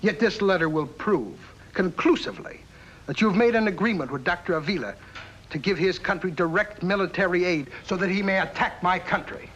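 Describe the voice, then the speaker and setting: An actor playing a scheming, sneering foreign diplomat in a 1950s TV drama, on a faintly hissy old soundtrack. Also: male voice, sits high, fairly quick, fairly bright tone, muffled recording. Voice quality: sneering, accusatory.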